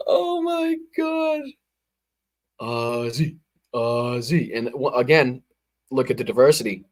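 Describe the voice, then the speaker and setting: A man's voice: medium pitch, big pitch swings, takes it slowly, long pauses. A man hosting a show, giving sarcastic, profane commentary over a political speech. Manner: sarcastic, swearing, laughing outbursts. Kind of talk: profane live reaction commentary.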